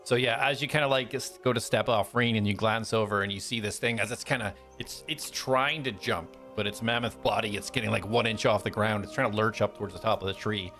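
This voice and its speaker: A man's voice: on the low side, brisk, few pauses, bright, forceful tone, faint music behind. A man narrating a tabletop game as game master, describing scenes loosely with many fillers.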